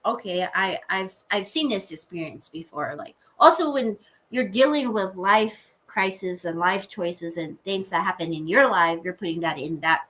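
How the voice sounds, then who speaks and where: A woman's voice: fairly low pitch, lively intonation, normal speed, a bit bright. A woman guest chatting casually in an interview, laughing often and restarting her sentences. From United States. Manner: bubbly, laughs often, many fillers and restarts. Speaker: guest, actress and writer.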